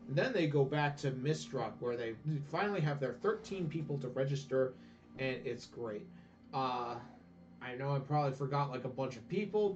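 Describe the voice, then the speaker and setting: A man's voice: mid-range voice, darkish tone. A man rambling through an irreverent recap of a game's story, full of "uh"s and "and then"s. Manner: rambling, irreverent, filler-heavy. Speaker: let's player. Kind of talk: casual game story recap. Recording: distant dull lo-fi recording with faint music.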